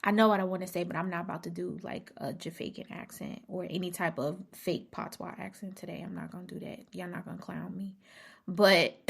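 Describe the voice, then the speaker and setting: A woman's voice: fairly low pitch, steady tone, fairly quick, vocal fry, breathy edge. A woman hosting her own podcast in a casual motivational monologue, emphatic and repeating key phrases, sometimes dropping to a near-whisper. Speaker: podcast host.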